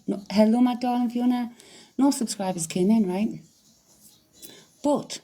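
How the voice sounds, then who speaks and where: A middle-aged woman, chatting casually on a livestream, excitable, laughing often and swearing freely. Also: medium pitch, slight background noise. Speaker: psychic medium livestreamer. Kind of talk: casual livestream chat reading comments.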